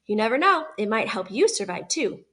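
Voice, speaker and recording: A woman's voice: on the high side, big pitch swings, a little fast, pushed and bright, heavily acted. A woman reading aloud, voicing a chatty, dramatic female opossum in a storybook. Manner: gushing, theatrical.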